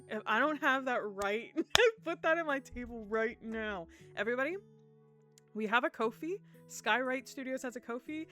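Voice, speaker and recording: A woman streaming a game live, talking to her chat in an excitable, gushing way, laughing often and swearing casually. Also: fairly high pitch, fairly quick, faint music behind.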